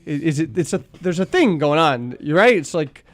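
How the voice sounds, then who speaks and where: A young adult man from Chicago, a guest comedian chatting casually on a podcast in a rambling, animated way full of restarts and quick impressions. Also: on the high side, no room sound.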